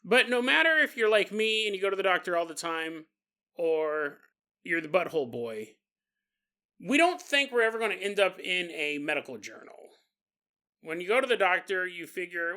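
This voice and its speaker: Bright-voiced man telling jokey stories. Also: high voice, expressive, normal speed, clean tone. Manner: jokey, laughs often; crude humor. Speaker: podcast host. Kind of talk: comedic storytelling monologue.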